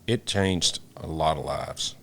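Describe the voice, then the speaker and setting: Gravelly older man, halting. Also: very deep voice, a bit bright, slight background noise. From Memphis, Tennessee, US. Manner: halting, repeats and restarts words, emotional. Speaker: retired fire lieutenant. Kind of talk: emotional interview recollection.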